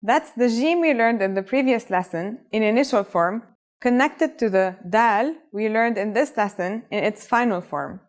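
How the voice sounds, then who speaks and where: A language teacher with a slightly higher-than-usual voice presents a scripted lesson, animated and moderately paced. She sounds upbeat and encouraging while guiding the viewer through each step.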